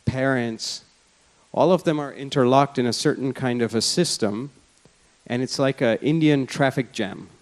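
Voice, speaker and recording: A man's voice: medium pitch, moderate pace. A man giving a conference keynote, telling stories in a reflective, conversational way. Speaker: keynote speaker. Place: lecture hall at a symposium.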